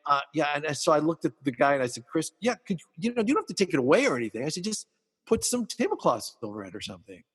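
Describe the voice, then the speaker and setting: Husky man telling lively party stories. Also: fairly high pitch, big-room sound. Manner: animated storyteller acting out dialogue. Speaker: podcast host, party DJ and MC. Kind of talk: casual storytelling chat.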